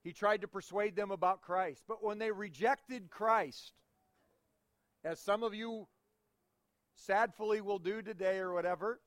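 A man's voice: high-pitched, a little slow, no echo. A man preaching a sermon as pastor, folksy and teaching, leading the congregation in call-and-response.

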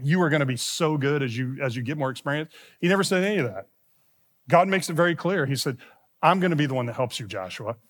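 A man preaching a sermon as pastor, lifting his voice when he quotes scripture and dropping low to drive a point home. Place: church sanctuary. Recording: long reverb of a church hall.

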